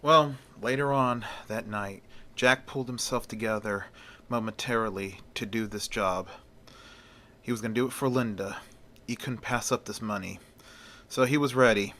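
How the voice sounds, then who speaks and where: A man's voice: fairly low pitch, fairly even intonation, normal speed, bright, forceful tone. A man telling a story casually, in an easygoing, folksy way. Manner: folksy, often opens with "well".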